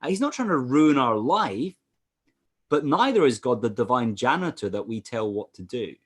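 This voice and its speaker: A Scottish man preaching as a pastor over a video call, animated, with frequent "uh" fillers. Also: medium pitch, normal speed, husky. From Scotland. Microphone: computer mic on a video call.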